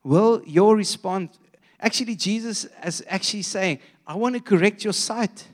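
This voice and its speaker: A man with a slightly higher voice delivers a sermon to a congregation. He tells the story with animated energy, often restarting phrases as he goes. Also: normal speed. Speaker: preacher. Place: church.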